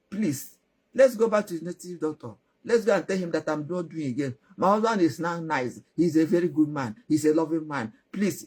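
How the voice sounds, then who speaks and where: A pleading young wife, voiced by a man telling a story. The voice sits high and husky, full of soft repeated begging. It sounds anxious and tender.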